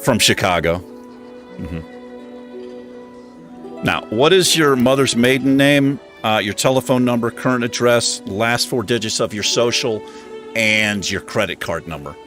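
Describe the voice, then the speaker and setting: Man, livestream host, casual chat, self-mocking, animated, faint background music. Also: medium pitch, measured pace. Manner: self-mocking, chuckles often; animated, struggling over pronunciation.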